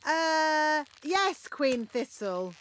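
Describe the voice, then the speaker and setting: A woman voicing a bossy, cheerful fairy nanny in a cartoon, talking in a brisk, fussy and self-assured way. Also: high-pitched, very animated, background noise, heavily acted. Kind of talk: cartoon voice acting.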